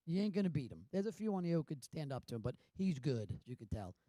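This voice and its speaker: A man on a panel, telling a lively anecdote and acting out quotes. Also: a little high, fast talker, dry recording. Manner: animated storyteller, acts out quotes.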